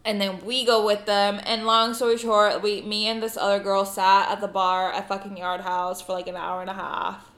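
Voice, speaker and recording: A young woman co-hosting a podcast, telling a story in casual chat, animated and swearing freely as she acts out the people in it. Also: mid-range voice, normal speed, few pauses, echoey room. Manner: animated, swears a lot, acts out quoted voices. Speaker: podcast co-host.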